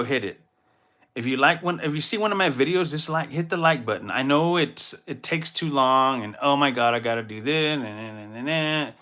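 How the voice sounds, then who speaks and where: Male podcast host from Texas, solo casual monologue, bright tone, animated and rambling. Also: mid-range voice. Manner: rambling, animated storytelling with frequent restarts.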